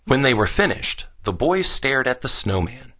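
A man narrating a children's audiobook in an expressive storytelling manner. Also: medium pitch, normal speed.

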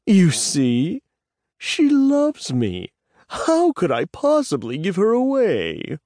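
Man voicing a teasing dragon trickster, sweetly mocking, jumps high in pitch, slow, dry. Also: huge pitch swings, a little mellow, no echo, heavily acted. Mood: gleeful. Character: playful, smug male dragon seer in human form.

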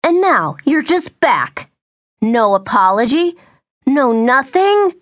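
A woman voicing an angry, drunk middle-aged mother who shouts in a strained, cracking voice. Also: medium pitch, sing-song, takes it slowly, dry recording. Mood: indignant.

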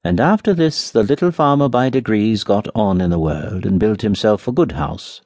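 Guy reading a fairy tale audiobook, low voice, lively, very dry close sound. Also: moderate pace, dry recording. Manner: expressive storytelling. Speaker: audiobook narrator. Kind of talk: scripted fairy-tale narration.

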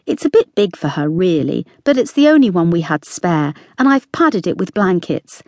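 A woman's voice: fairly low pitch, very animated, moderate pace, darkish tone, no echo, studio quality. A woman voicing a cheerful, caring young woman who works nights at a hospital, talking eagerly and reassuringly.

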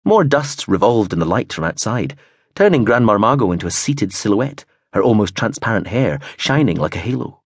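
A man reads a novel aloud in the first person, his husky voice swinging widely in pitch as he tells the story. The read is close and dry, with no room around it. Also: normal speed, no room sound. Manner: expressive storytelling with voiced character turns. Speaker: audiobook narrator. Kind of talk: first-person audiobook narration.

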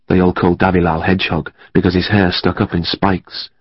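A man reading a historical novel as audiobook narrator, in a steady, even storytelling manner. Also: low-pitched, a little fast, slightly rough, dry recording. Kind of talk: scripted narration. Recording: dry, slightly muffled studio.

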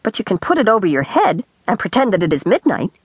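A woman voicing a bold, cheerful girl who boasts freely in a quick, bright way. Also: mid-range voice, sing-song, breathy edge, no echo.

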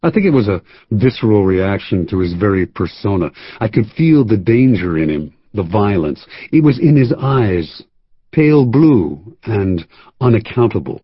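A man reads a first-person thriller in a measured, wry storytelling voice. His tone is husky and a little low. The recording is dry and close, with a slightly dull, muffled top end. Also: sing-song, no room sound. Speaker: audiobook narrator. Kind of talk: first-person scripted narration.

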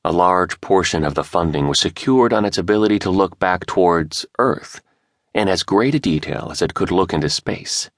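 A man with a low voice narrating a thriller audiobook. His delivery is expressive and lively, swinging widely in pitch, and the sound is dry and close. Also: normal speed, no echo. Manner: expressive, dramatic storytelling.

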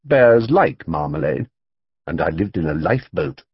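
A man's voice: low voice, sing-song, moderate pace, creaky, husky, no echo, pitched below the performer's own voice, heavily acted. A man doing Paddington, a polite little bear. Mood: earnest, proud. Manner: proud, well-mannered and earnest. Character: small polite earnest young male bear. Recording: dull, dry studio audiobook read.

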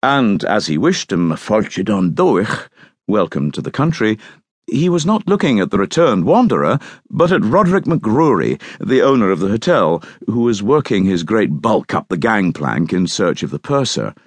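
A man narrating an audiobook in a measured, expressive reading voice, recorded close to the mic. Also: fairly low pitch, breathy edge, no room sound. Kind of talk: scripted narration. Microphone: close studio mic.

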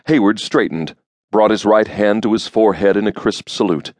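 Deep-voiced male audiobook narrator. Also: moderate pace, dry recording, studio quality. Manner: steady, grave storytelling. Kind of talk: scripted narration. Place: studio booth. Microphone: close studio mic.

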